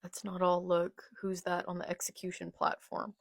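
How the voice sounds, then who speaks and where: Gravelly-voiced young woman reacting emotionally. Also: fairly low pitch, monotone, normal speed, no room sound, clean studio sound. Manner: emotional, swings from murmured reading to anguished outbursts. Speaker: manga reaction creator. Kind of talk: live reading reaction.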